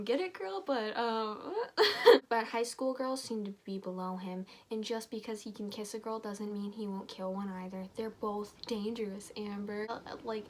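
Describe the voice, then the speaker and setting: A woman's voice: medium pitch, slight background noise. A woman casually reading a story aloud and breaking off for snarky, giggly asides. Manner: snarky, giggly asides, loose slangy delivery. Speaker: YouTuber reading stories aloud. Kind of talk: casual read-aloud with sarcastic commentary.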